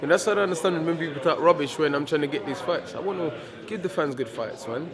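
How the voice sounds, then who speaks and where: A man's voice: a little high, a little fast, a crowd in the background. A man, a heavyweight boxer in a casual press interview, talking defiantly and repeating himself, stumbling over words.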